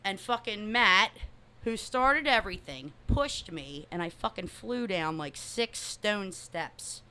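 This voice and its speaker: Bright-voiced profane woman telling a story. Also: mid-range voice, animated, slow, clean tone. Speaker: new podcast co-host. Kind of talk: casual storytelling chat.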